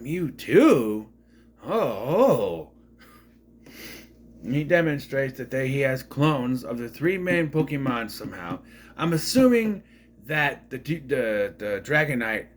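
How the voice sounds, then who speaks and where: Male reviewer from Minnesota, lively pitch, casual, self-correcting, dry asides. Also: a little hiss or hum. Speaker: movie reviewer. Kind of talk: casual movie recap.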